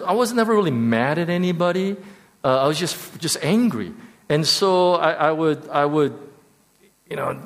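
A man giving a candid personal testimony, halting and restarting often, his voice dropping soft and low in tender moments. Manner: voice drops soft and low when emotional. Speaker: speaker sharing a personal testimony. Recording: long hall reverb.

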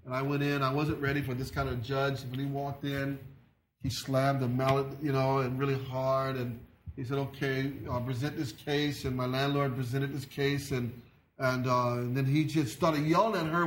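A man's voice: medium pitch, fairly even intonation, fairly bright tone, a little hiss or hum. Earnest preacher man in an echoey room. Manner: earnest, halting, with many repeated words. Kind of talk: sermon.

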